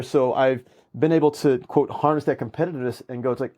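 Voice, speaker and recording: A male guest speaks fast in a mid-range voice, telling stories casually. He's animated, performing quoted dialogue with gusto.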